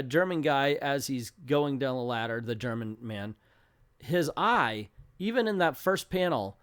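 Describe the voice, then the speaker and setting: A man's voice: on the high side, fairly bright tone, no room sound, studio quality. A man casually reviewing an old comic book, rambling with self-deprecating asides.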